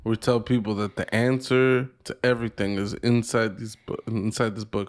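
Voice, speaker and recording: A man's voice: on the low side, level tone, moderate pace, hardly any pauses. A man co-hosting a podcast, joking around in casual banter and swearing freely. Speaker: podcast co-host.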